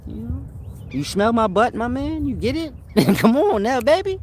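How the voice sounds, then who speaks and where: A squeaky, high-pitched old-timer who teases and coaxes in street slang, as a man puts him on. He swings his voice up and down and calls everyone baby. Traffic noise hums behind him. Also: very animated, normal speed. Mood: teasing.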